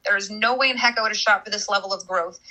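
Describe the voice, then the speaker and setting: An emphatic woman coach hosting a live audio-room Q&A. Her voice is very bright and piercing, and she drives her points home by repeating phrases. Her pitch sits in the middle of the range. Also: quick pace, low-quality recording.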